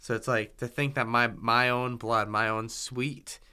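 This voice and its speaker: A man's voice: mid-range voice, steady tone, unhurried, sharp tone, smooth. A man hosting a casual conversation, rambling with enthusiasm and joking playfully. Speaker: podcast host.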